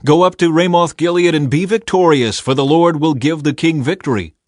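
A man reading as eager flattering prophets. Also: mid-range voice, moderate pace, no room sound, studio quality, pitched above the performer's own voice, lightly acted.

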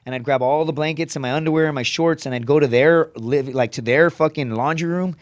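Fast-talking, profane male storyteller. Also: on the high side, no echo, clean studio sound. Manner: profane, rapid, animated storytelling. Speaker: guest comedian, former Marine. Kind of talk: casual podcast storytelling.

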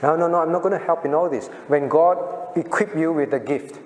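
A man's voice: fairly high pitch, fairly even intonation, moderate pace, few pauses, a little mellow, a little hiss or hum. A male pastor leading an interactive Bible class in earnest tones, putting questions to the class and calling on people by name. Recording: echoey hall sound.

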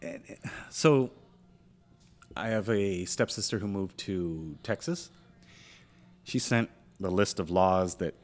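A man's voice: lowish voice, big pitch swings, a little slow. A man co-hosting a casual podcast chat, ranting heatedly and swearing freely as he argues his opinions. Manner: parent of a school-age child. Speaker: podcast co-host.

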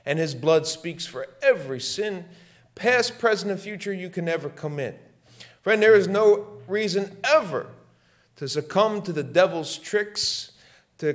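A middle-aged man preaching a sermon as pastor, repeating his lines and swinging between loud, fervent peaks and hushed, quiet passages. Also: a little high.

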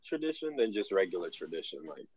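A man's voice: low voice, big pitch swings, fast, darkish tone, breathy edge, dry recording. A man chatting casually as a podcast co-host, laid-back and wry, often trailing off with ums. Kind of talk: casual chat. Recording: dull lo-fi sound.

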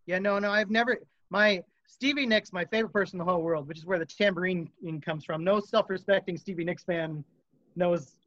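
A man's voice: sits high, fairly quick, a bit bright, no room sound, lo-fi sound. A man from the United States, a musician guest, rambling through stories in a casual interview and laughing often.

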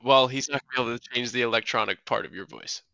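A man's voice: medium pitch, very fast, vocal fry, pushed and bright, clean tone, no echo. A young man co-hosting a podcast, teasing his friends with dry humor in casual chat. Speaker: podcast co-host.

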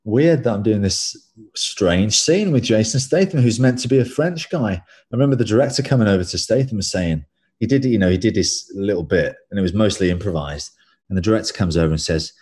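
A man's voice: fairly low pitch, lively intonation, fairly quick, a little mellow. A man telling rambling, self-deprecating stories as a guest in a casual interview.

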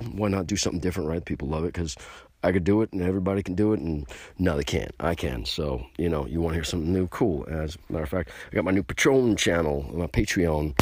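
A man hosting a podcast, delivering a brash, boastful and profane rant that gets louder and higher when he is worked up. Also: dry recording. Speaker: podcast host. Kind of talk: ranting podcast monologue.

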